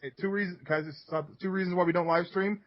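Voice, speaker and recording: A man's voice: high voice, steady tone, quick pace. A man co-hosting a podcast in casual chat, laid-back, swearing often and laughing through his stories. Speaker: podcast co-host. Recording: dull lo-fi podcast audio.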